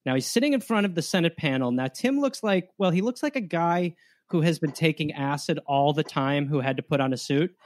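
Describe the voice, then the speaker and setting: A man's voice: on the high side, lively intonation, a little fast. A man hosting a comedy podcast, telling a history story in a loose, joking way with asides. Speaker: podcast host.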